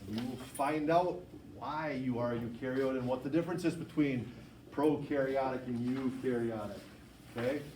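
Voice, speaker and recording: A man teaches a biology class, talking quickly and casually as he walks through the handouts. He is heard from a distance, and the classroom around him is roomy and echoing. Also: mid-range voice, darkish tone, a little hiss or hum. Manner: quick, informal, self-correcting. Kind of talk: classroom instruction. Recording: echoey classroom, far from mic.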